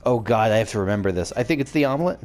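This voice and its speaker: A man's voice: fairly low pitch, expressive, rapid-fire, darkish tone, soft background music. A man giving casual, rambling, joking commentary while playing a video game. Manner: rambling, joking, many fillers. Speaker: let's play host.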